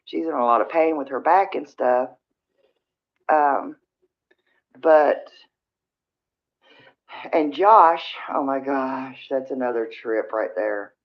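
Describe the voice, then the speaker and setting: A woman's voice: extremely low pitch, takes it slowly, long pauses. A middle-aged woman, hosting a casual livestream and venting in a rambling way with frequent sighs. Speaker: livestream host. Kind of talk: casual livestream chat with viewers. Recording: dull lo-fi stream audio.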